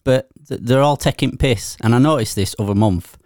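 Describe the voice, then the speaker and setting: A man's voice: mid-range voice, normal speed, darkish tone. A man with a Yorkshire accent grumbles and swears his way through a casual podcast chat. The sound is dry and close, with no room echo. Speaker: podcast co-host.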